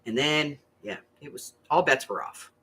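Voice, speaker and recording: An older woman, a grandmother, telling a family story in a chatty, animated way and swearing freely. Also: deep voice, moderate pace, vocal fry, slightly rough. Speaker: crafting channel host. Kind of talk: casual storytelling chat.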